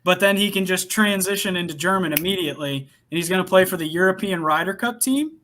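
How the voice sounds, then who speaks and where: A man's voice: sits high, fast, pushed and bright. A young man co-hosting a podcast, chatting casually and laughing as he tells a story about his sales job. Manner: chatty, laughs while telling a work story. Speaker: podcast co-host. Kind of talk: casual chat.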